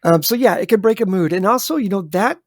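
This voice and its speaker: A man's voice: high voice, fast, no echo, clean studio sound. A man co-hosting a podcast, giving emphatic, jokey advice to listeners. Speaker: podcast co-host. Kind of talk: casual chat.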